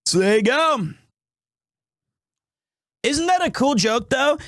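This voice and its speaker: A man's voice: extremely high pitch, lively intonation, slow, fairly bright tone, no echo, clean studio sound. A man streaming live, chatting casually and jokingly with his viewers, rambling along with frequent restarts and self-corrections. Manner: joking and playful with chat.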